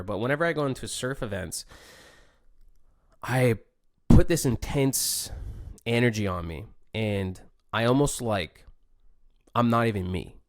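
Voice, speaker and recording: Young man, low gravelly voice, rambling casual talk, dry close sound. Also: dry recording. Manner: rambling, many fillers and restarts, thinking aloud. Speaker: podcast host, competitive surfer. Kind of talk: casual reflective monologue.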